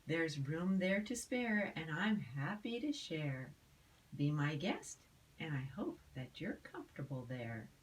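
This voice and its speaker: A woman voicing a big, kind-hearted male moose in a storybook reading, gentle and patient. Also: low-pitched, big pitch swings, slow pace, full character voice. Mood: kindly.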